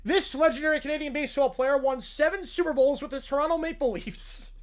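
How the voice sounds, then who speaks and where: A man's voice: very high-pitched, fairly quick, voice pushed up. A man doing a game-show host. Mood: announcing. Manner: announcer-style delivery. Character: bland male game-show host impression. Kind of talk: reading a fan script aloud with voices.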